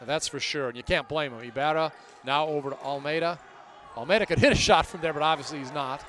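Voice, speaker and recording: Excitable man calling basketball play-by-play. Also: a little high, fast talker. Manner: excitable, rises sharply during plays. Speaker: play-by-play announcer. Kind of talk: live basketball commentary.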